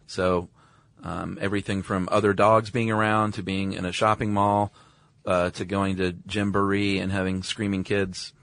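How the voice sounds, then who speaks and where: Low-voiced easygoing man, dry sound. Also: level tone, normal speed, vocal fry, a bit bright, dry recording. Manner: easygoing, chatty, with short agreements and fillers. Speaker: podcast co-host. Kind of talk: casual chat.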